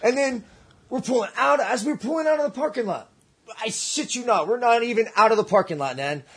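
Male storyteller, husky and high-pitched, lively swooping delivery, profane street slang. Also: brisk. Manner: animated, profane, slangy, acts out the voices in his story. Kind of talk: casual storytelling.

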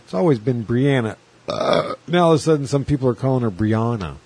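Husky man chatting on a podcast. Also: mid-range voice, very fast, darkish tone. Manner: rambling, jokey, drifts into sing-song bits. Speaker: podcast co-host. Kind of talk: casual chat.

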